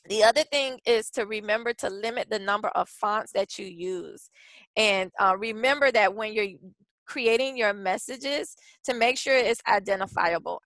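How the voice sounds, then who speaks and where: Woman, fairly high voice, chatty webinar presenter, lots of restarts, dry close mic. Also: a bit bright, no room sound, low-quality recording. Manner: chatty, many restarts and fillers. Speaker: workshop presenter. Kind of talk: casual webinar teaching.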